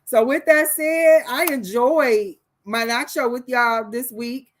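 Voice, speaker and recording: A woman's voice: a little high, takes it slowly. A woman hosting a show, giving candid, preachy advice in a casual monologue. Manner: candid, preachy, with fillers and restarts. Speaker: show host.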